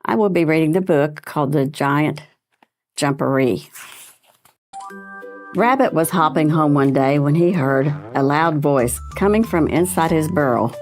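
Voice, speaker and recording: Woman, low voice, children's book reading, gentle storytelling, faint music behind. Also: unhurried. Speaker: historical society president. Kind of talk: children's book read-aloud.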